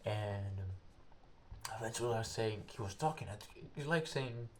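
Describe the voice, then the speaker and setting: With a lowish, expressive voice and slight background noise, the young man speaks English while casually telling a rambling story. He stops and starts, reaches for words, and delivers quoted lines loudly.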